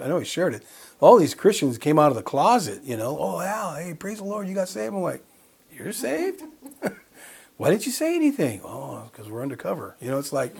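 A middle-aged man preaching a sermon, his voice a little husky and breathy, sitting in a middle pitch. He moves between reading verses and telling personal stories, acting out bits of dialogue as he goes. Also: a little mellow. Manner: conversational, storytelling with quoted dialogue and laughs. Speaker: pastor.

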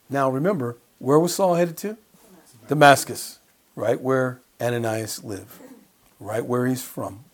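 A man's voice: mid-range voice, expressive, normal speed, slightly rough. A man preaching a conversational sermon and Bible study, chuckling and putting questions to his listeners.

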